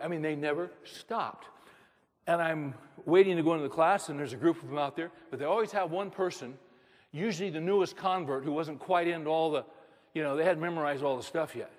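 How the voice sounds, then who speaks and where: A man's voice: a little high, fairly quick, long reverb tail. A man preaching a sermon as a pastor, moving from storytelling to emphatic preaching.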